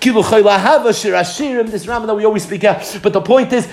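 Animated man teaching Torah. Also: high-pitched, fast. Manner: animated, mixing Hebrew and Yiddish terms into English. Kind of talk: Torah class lecture.

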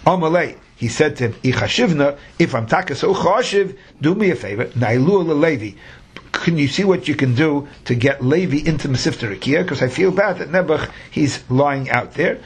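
A man's voice: fairly high pitch, lively intonation, normal speed, husky. A man teaching a Talmud class, reading the Aramaic phrase by phrase and explaining each in English.

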